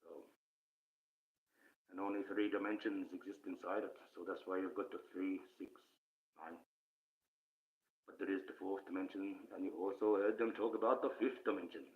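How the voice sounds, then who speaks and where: A man from Australia on a livestream, talking in an ominous put-on voice instead of his real one and rambling slowly about spiritual ideas. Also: sits low, fairly even intonation. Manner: slow, rambling spiritual musings. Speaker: live streamer. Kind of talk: casual spiritual monologue on a livestream. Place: indoors, speaking under a mask by candlelight. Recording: tinny phone-like audio.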